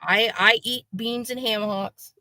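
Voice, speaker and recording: A woman hosts a loose live online chat, joking and hopping between topics. Her voice sits a bit high and sounds bright and forceful, with plenty of gravelly fry. The sound is dry and close, as on a call mic. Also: steady tone, takes it slowly, no echo. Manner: chatty, jokey, scattered. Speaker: host. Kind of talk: casual live panel chat.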